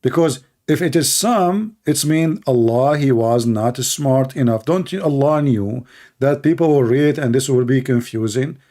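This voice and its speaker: A man's voice: medium pitch, moderate pace, warm tone. A man hosting a call-in show, talking in a sarcastic, scornful monologue with broken grammar and rhetorical questions. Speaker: show host taking calls. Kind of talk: mocking monologue commentary.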